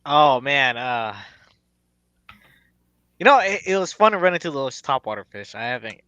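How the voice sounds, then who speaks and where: Man, easygoing chat with fillers; bright voice, dry recording. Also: mid-range voice, normal speed, clear, resonant tone, no echo, low-quality recording. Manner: relaxed, hesitant with fillers. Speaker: tournament winner interviewee. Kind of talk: casual chat.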